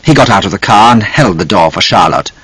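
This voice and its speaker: A man narrating an audiobook in an expressive, measured storytelling manner. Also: lowish voice, slight background noise, poor audio. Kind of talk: scripted narration.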